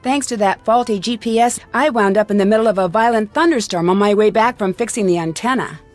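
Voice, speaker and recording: A woman's voice: medium pitch, fairly quick, soft background music, close to an everyday voice. Nancy Drew, as a woman voices her. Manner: polite, earnest and matter-of-fact. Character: young woman detective, polite and determined. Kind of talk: video game voice acting.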